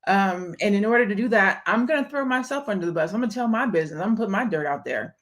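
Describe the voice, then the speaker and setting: A woman's voice: mid-range voice, lively intonation, fast talker. A young adult woman hosting a casual live stream, talking candidly and emphatically to viewers and greeting them by name. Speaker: live stream host and event promoter.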